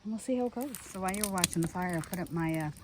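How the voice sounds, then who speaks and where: A woman's voice: lowish voice, rapid-fire. Chatty woman vlogging from a noisy campsite. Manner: chatty, rambling, talks to the viewer while working. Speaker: solo camping vlogger. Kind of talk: casual camping vlog. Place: outdoor campground. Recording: outdoor campsite noise. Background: outdoor ambience, passing trains and planes.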